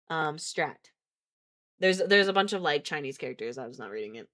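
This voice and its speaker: A woman's voice: deep voice, fairly quick, fairly bright tone. A woman streamer reading a book aloud on a live stream, often stopping to laugh, react and reread lines.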